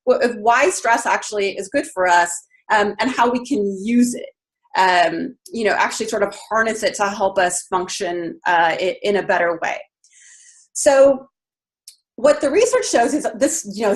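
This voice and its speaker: A woman's voice: medium pitch, fairly bright tone. A woman giving an informal webinar talk, who says "um" and "you know" a lot as she explains. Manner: casual, many ums and you-knows. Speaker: webinar presenter.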